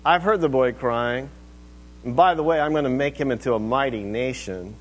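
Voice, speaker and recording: A man voicing God, caring and gentle. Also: mid-range voice, moderate pace, close to an everyday voice. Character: God, a caring male divine voice. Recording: echoey hall reverb.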